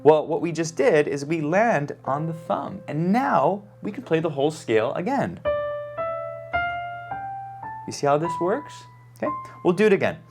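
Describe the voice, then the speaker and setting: A man's voice: on the high side, very animated, moderate pace, long pauses. A man giving a piano lesson, calling out note names and fingerings as he plays, checking in with the student. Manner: calls out note names while playing, frequent "okay?" check-ins. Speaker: piano teacher. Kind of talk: piano lesson, demonstrating at the keyboard. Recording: loud piano playing under the voice.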